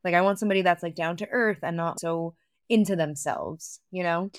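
A woman's voice: fairly low pitch, a little fast, clear, resonant tone, dry recording, studio quality. A woman co-hosting a podcast, talking casually about reality TV, often saying "like" and circling back mid-thought. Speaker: podcast co-host. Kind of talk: casual reality-TV recap chat.

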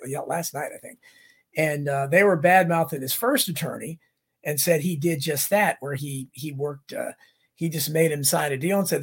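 Gravelly rambling talk-show host. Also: male voice, on the high side. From United States. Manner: rambling, animated, jumps between tangents. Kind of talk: casual political talk.

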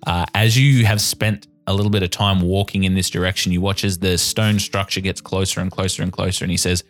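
A man's voice: low-pitched, steady tone, a little fast, few pauses, faint music behind. A man narrating a tabletop game as game master, describing scenes vividly.

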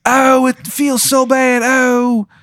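A man voicing a drunk, flamboyant small-time male crook in a put-on Maryland accent, drawn-out and wheedling. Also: extremely high pitch, expressive, a bit bright, smooth, no echo, studio quality, voice pushed up. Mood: wailing.

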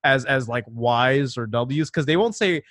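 A man's voice: mid-range voice, unhurried, a bit bright, no echo, studio quality. A man whose first language is Mandarin, chatting loosely and hesitantly on a casual podcast. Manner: loose and hesitant, full of "like" fillers.

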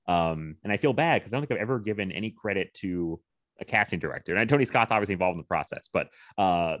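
A man's voice: on the low side, fairly bright tone, no room sound, studio quality. A man co-hosting a film podcast, rambling casually with many fillers and frequent laughs. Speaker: podcast co-host.

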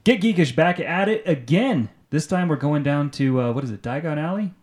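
A man's voice: fairly high pitch, animated, moderate pace, darkish tone. A young man co-hosting a podcast in casual chat, joking and often laughing. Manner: laughing, joking, sometimes sings. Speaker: podcast co-host.

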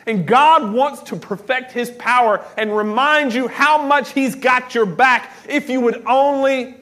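A man's voice: very high voice, measured pace, fairly bright tone. A man in his thirties, an associate pastor, preaching a sermon in a church, moving from casual, self-deprecating stories to emphatic preaching. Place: church sanctuary.

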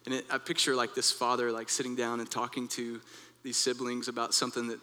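A young man preaching in a relaxed, earnest way, telling a story like he's chatting with friends. His voice is bright and forward. The room around him rings with a long reverb. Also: medium pitch, quick pace. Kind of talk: devotional talk with personal story.

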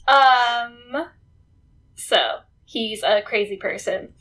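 A woman co-hosting a casual chat recapping a TV drama, telling the story in a relaxed way with frequent laughs. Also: fairly high pitch, very slow. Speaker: podcast co-host.

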